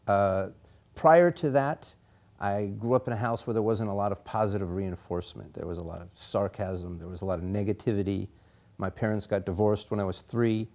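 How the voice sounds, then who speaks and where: A man, a local artist, tells a personal story and acts out the people in it, his voice jumping high for a shrill nurse. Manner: animated, acting out a shrill nurse.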